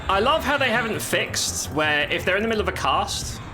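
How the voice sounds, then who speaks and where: A man's voice: sits high, sing-song, fairly quick, pushed and bright, a little hiss or hum. A man streaming live gameplay with commentary, swearing and exclaiming while chatting to viewers. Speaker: game streamer. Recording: game music underneath. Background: faint game music.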